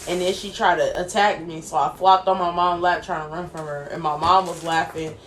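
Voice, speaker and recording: A woman's voice: lowish voice, steady tone, a little fast. A young woman getting her hair braided tells playful stories in a casual livestream chat, often breaking into giggles. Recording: echoey room with faint background noise.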